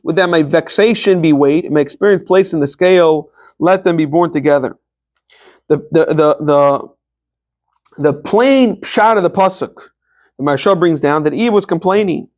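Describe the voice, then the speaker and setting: An American man giving a Talmud class, reading phrases slowly and then explaining them quickly, often restarting his words. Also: high voice. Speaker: Talmud teacher. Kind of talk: daf yomi Gemara class.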